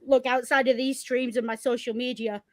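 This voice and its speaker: A woman with a Yorkshire accent, co-hosting a casual podcast chat, lively and blunt, laughing often and swearing freely. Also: a little high, normal speed, no room sound. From Northern England. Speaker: podcast co-host.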